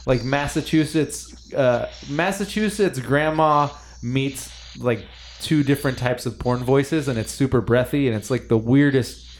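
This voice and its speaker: Man, podcast host, casual chat, mid pitch, joking. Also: unhurried, a little hiss or hum. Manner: joking, animated storytelling.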